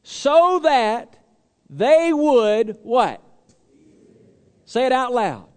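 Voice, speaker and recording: A man preaching a sermon in a church, asking the congregation to answer aloud and swinging between loud stressed phrases and low quiet asides. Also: sing-song, very slow, in a large hall. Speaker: pastor.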